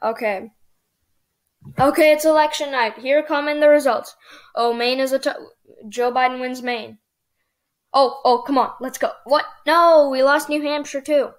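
A woman hosting casual gameplay commentary, thinking aloud and getting excited as the results come in. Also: high voice, normal speed, pauses often. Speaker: gaming channel host.

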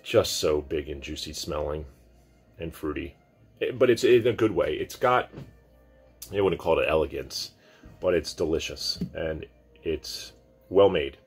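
Male wine vlogger, very low, husky tone; relaxed, rambling delivery. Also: a little slow, pauses often, soft background music. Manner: relaxed, rambling, many restarts. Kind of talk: casual wine tasting talk.

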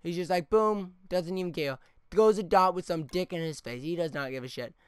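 A man's voice: sits high, brisk, smooth, no echo, clean studio sound. Profane ranting gamer man. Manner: profane, ranting, keeps tagging "okay?". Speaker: gaming YouTuber. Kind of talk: angry gameplay rant commentary.

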